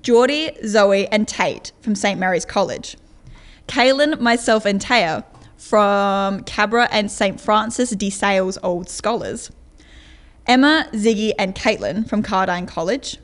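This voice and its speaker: A woman's voice: mid-range voice, a little slow. A young woman presenting an award, reading evenly from a prepared script.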